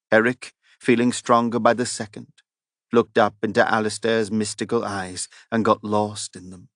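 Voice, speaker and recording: A man narrating a fantasy audiobook in an even, measured reading. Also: on the low side, dry recording, studio quality.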